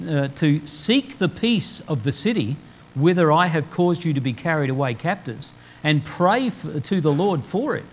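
Guy preaching in church, slightly high voice, draws out the bible quotes slow. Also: animated, slightly rough, low-quality recording. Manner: emphatic, slow deliberate quoting of scripture. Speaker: pastor. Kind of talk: sermon.

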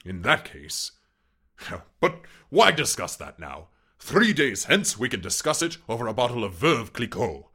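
A man's voice: mid-range voice, sing-song, measured pace, bright, forceful tone, breathy edge, full character voice. A man voicing a suave, menacing aristocratic Cossack general in an audiobook reading, with a courtly, mocking manner.

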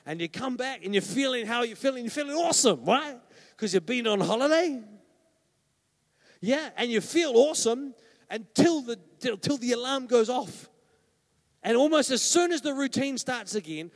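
A man preaching a sermon as pastor, conversational and emphatic, often checking in with "right?". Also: high-pitched. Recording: long hall reverb.

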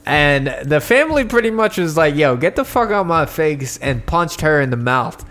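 Young male podcast co-host, slightly higher voice, slangy and animated, casual and profane. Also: normal speed, a little hiss or hum. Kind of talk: casual chat.

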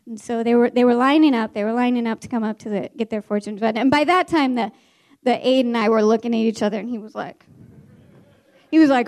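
A woman teacher telling a story from her classroom to an audience, animated and laughing, with many restarts. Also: on the high side, a little fast. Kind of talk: stage storytelling.

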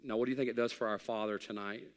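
A man's voice: fairly low pitch, fairly even intonation, rapid-fire. Male pastor, folksy humorous sermon, emphatic build-ups, long church reverb. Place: church sanctuary.

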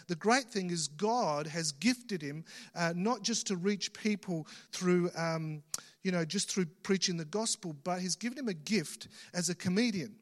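A man preaching church announcements from the pulpit, his voice sitting fairly high. He talks with eager enthusiasm, full of uhs and restarts. The sound rings with the long reverb of a church hall. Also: fairly bright tone. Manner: enthusiastic, many fillers and restarts. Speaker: pastor. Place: church auditorium.

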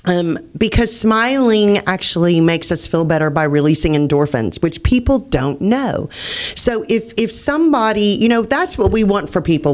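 A woman hosting a casual talk show, bubbly and laughing often. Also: mid-range voice. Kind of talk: casual on-air chat.

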